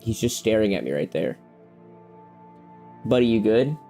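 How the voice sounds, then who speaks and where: A man's voice: fairly low pitch, expressive, a little slow, warm tone, soft background music. A man giving rambling, playful gameplay commentary at a desk mic, chatting to his cats between moments in the game. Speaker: gamer.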